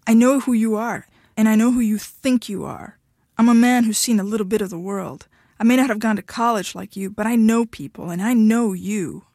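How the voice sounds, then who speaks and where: A woman's voice: fairly high pitch, normal speed, mellow, no room sound, studio quality. A woman reading the part of an insistent, possessive man in an audiobook story.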